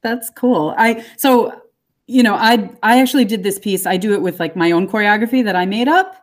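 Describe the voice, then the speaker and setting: A woman's voice: medium pitch, moderate pace. A woman who conducts choirs and teaches music, talking enthusiastically in a casual podcast interview. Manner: enthusiastic, chatty, hums and sings little phrases.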